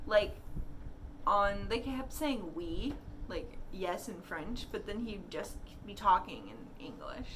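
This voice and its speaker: A woman co-hosting a casual movie-rant chat at home, animated, swearing freely and laughing often. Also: mid-range voice, takes it slowly, background noise. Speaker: podcast co-host.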